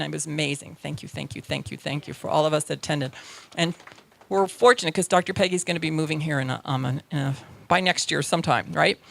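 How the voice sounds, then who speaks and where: A woman's voice: low-pitched, vocal fry. A woman minister giving a chatty, self-deprecating sermon, often checking in with the congregation. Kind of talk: conversational sermon.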